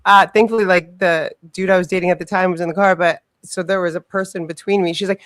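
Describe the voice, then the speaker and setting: A woman co-hosting a casual podcast, telling stories in a rambling, animated way and swearing freely. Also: medium pitch, fairly quick, dry recording. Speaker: podcast co-host. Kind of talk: casual storytelling chat.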